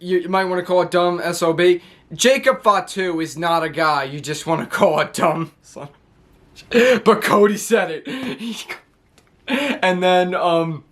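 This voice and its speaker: A young man recapping a wrestling show in a casual, rambling, excitable way, laughing often. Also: sits high.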